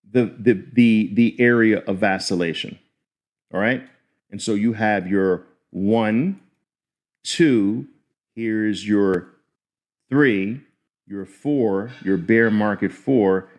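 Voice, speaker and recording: A middle-aged man teaching chart patterns on a livestream, talking deliberately and often repeating words as he draws. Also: lowish voice, a little mellow. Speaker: trading instructor.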